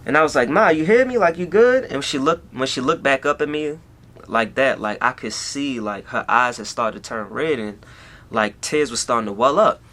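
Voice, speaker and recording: A man's voice: medium pitch, normal speed, sharp tone. A young man talking through a personal story on his vlog, rambling along with plenty of "you know" and "like" in a casual way. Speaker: YouTuber.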